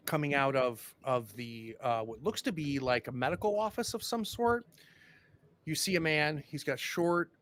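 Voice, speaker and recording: A man's voice: mid-range voice, a bit bright. A man acting as game master, narrating a tabletop game descriptively, with hesitations and repeated words.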